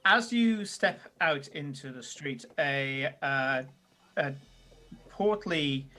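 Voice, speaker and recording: Bright-voiced game master narrating. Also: medium pitch, expressive, takes it slowly. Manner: laughs while narrating, hesitant fillers.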